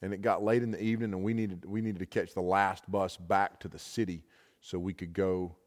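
Male pastor, very low voice, loose rambling sermon delivery, long hall echo. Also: flat delivery, a little fast. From United States. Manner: casual, rambling, with many fillers and restarts. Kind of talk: storytelling sermon. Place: large hall at a camp session.

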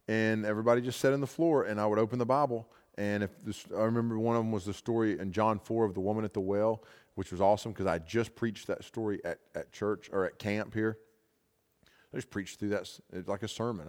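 A man's voice: on the low side, a little mellow. A male American pastor telling a story in a casual, rambling sermon full of fillers and restarts. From United States. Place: large hall at a camp session. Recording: long hall reverb.

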